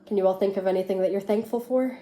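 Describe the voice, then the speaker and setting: A woman teacher reading a picture book aloud to a class with expressive, lively storytelling, then explaining an activity. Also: medium pitch, quick pace, echoey room.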